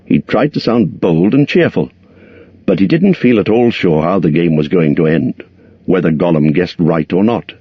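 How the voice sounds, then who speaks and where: A man reads a storybook aloud in a very low, husky voice, with lively rises and falls in pitch. The sound is dry and close, with a slightly dulled top end. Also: dry recording, muffled recording. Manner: measured, expressive reading. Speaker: audiobook narrator. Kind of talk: storybook narration.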